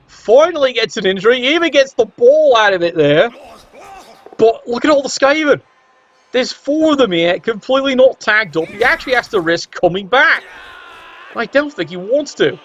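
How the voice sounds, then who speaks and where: A man giving casual, sarcastic and excitable play-by-play commentary on a tabletop-style sports video game. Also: extremely high pitch, normal speed, lo-fi sound.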